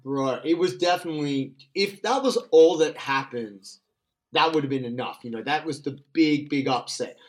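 An excitable Australian man telling a story in casual, slangy talk. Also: on the high side, normal speed.

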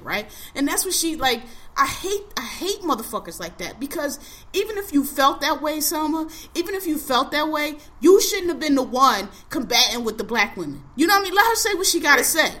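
A woman with a high, bright, sharp-edged voice, ranting in a casual podcast talk. She talks heatedly and profanely, punching her points with strong emphasis.

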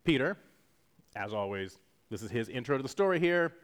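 A man's voice: medium pitch, very animated, moderate pace, clean tone. A man preaching a sermon in a casual, jokey teaching style, acting out quotes as he goes. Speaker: pastor.

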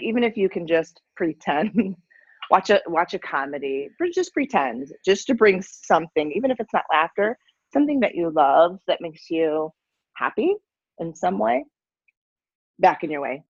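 A playful podcast co-host in casual chat, quick to laugh. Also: mid-range voice, slightly rough, dry recording, dull audio.

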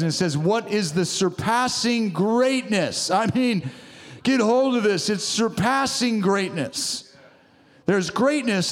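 A man preaching a sermon in church, fervent and exhorting, often urging the room on. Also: high voice. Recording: long reverb of a large hall.

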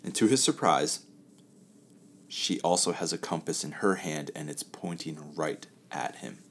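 A man hosting a casual talk who tells a spoken parable in a relaxed, chatty way, letting his phrases trail off softly. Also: a bass voice, unhurried, a little hiss or hum.

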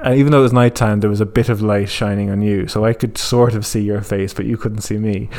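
A man's voice: lowish voice, fairly even intonation, quick pace, a little mellow. A man co-hosting a casual chat, telling stories animatedly and laughing often. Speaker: podcast co-host.

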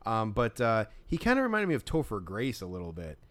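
A man's voice: lowish voice, wildly swooping pitch, fairly quick, crowd noise. Man rambling in casual chat. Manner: rambling, filler-heavy, mimics others' voices.

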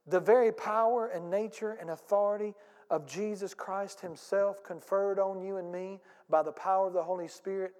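A pastor preaching a sermon with emphatic delivery, calling on the congregation to repeat lines and acting out little scenes. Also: male voice, high voice, steady tone, normal speed, darkish tone, in a large hall. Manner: emphatic preaching with audience call-and-response and acted-out anecdotes. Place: church sanctuary.

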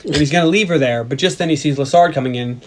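A man's voice: on the high side, fast, a little hiss or hum. Laughing man recapping a movie. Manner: laughs often while retelling scenes. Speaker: podcast co-host. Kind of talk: casual movie recap chat.

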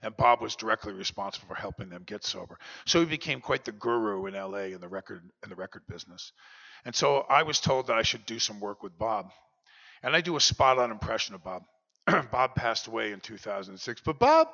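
Brief: confessional keynote speaker, man, bright edgy voice, reverberant hall. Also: on the low side, brisk, gravelly. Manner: earnest, confessional storyteller. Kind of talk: personal recovery talk. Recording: dull lo-fi recording, long hall reverb.

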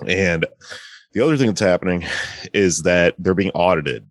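In a studio-quality recording with no room sound, a man with a low voice and moderate pace chats casually with a friend, retelling a movie's plot. He rambles, leans on lots of fillers, and acts out the quotes.

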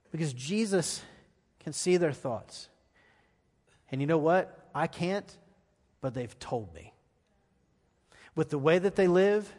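A man with a high voice preaches a sermon, pressing his points with repeated lines and then sinking to a near hush. His words ring out with the long reverb of a large church sanctuary. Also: slightly rough. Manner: emphatic preaching, repeats phrases, drops to a hush. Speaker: pastor.

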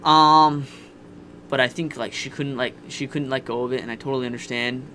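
A man's voice: medium pitch, fairly even intonation, brisk, bright, forceful tone, a little hiss or hum. A young man casually telling a candid, profane personal story on a podcast. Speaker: podcast guest.

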